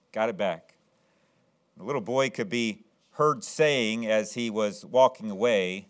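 Preaching slowly with long pauses, a man shares an illustration story in his sermon. His manner is earnest and conversational, and his pitch jumps sharply when he gets excited.

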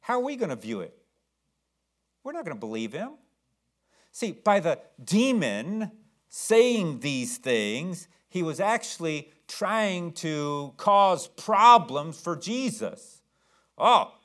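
A man preaching a sermon, swinging between loud exclamations and soft asides. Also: on the high side.

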